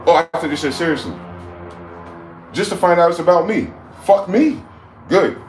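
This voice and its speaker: A man in his forties hosting a livestream, ranting with heated outbursts that drop to low mutters. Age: 40s. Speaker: livestream host. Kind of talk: profane rant. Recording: echoey room with faint background noise.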